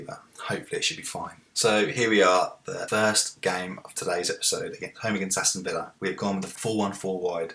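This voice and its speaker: A very deep-voiced man commentates on his own football management game in a relaxed, chatty way. He talks through tactics and matches, and erupts into excited cheers when his team scores. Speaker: let's play host.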